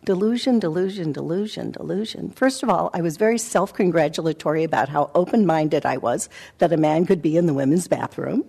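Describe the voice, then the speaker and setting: A woman's voice: low voice, creaky, husky. Reflective woman giving a dharma talk. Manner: reflective, halting, with soft pauses. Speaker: meditation teacher. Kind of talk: dharma talk, personal storytelling. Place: meditation center hall.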